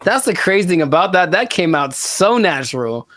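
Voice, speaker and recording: A man co-hosting a casual podcast, rambling and animated with frequent laughter. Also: high voice, moderate pace, background noise. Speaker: podcast co-host.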